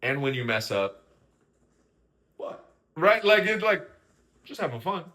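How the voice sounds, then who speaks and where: A man's voice: on the high side, very animated, a little slow, pushed and bright. A young man hosting a casual reality-show recap, chatty, often asking "right?" and acting out what people said. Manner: chatty, keeps asking "right?" and "you know what I mean?", acts out quoted lines. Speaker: host.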